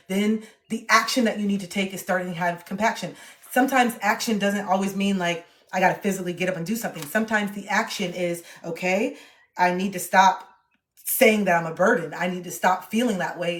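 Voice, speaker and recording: A woman streaming live and talking straight to her audience in a casual pep-talk way. She is blunt and swears freely, with a mid-pitched voice. She jumps from loud, dramatic bursts to low, quiet murmurs. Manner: dramatic, swings from loud outbursts to soft murmurs; blunt and profane, talks straight to the viewer. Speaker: livestreamer.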